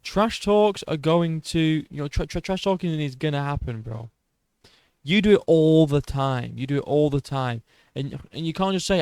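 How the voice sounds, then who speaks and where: A man's voice: fairly high pitch, animated, normal speed, darkish tone, clean tone, no room sound. A man ranting sarcastically in commentary, mocking and exasperated. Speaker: MMA commentator.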